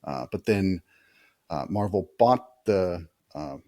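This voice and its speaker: A man hosting a casual movie podcast, chatting easily with kids, asking them questions and pausing often with "uh". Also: sits low, expressive, mellow. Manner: easygoing, asks kids questions, many "uh" pauses. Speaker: podcast host talking with kids.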